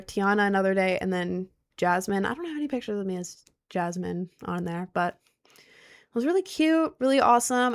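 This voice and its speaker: A woman in her twenties chatting casually as a streamer, out of breath, giggly and rambling. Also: mid-range voice. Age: 20s. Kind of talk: casual chat.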